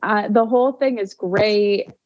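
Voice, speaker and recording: A woman's voice: mid-range voice, a little slow, a little mellow, highs cut off. A woman co-hosting a podcast in casual chat, enthusiastic and insistent. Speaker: podcast co-host.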